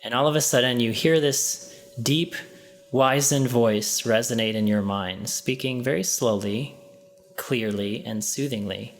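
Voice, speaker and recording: A man running a tabletop role-playing game, narrating a scene to his players in a mid-range voice. He describes things slowly in the second person and often pauses on an "um" or restarts a phrase. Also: mid-range voice, soft background music. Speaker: game master.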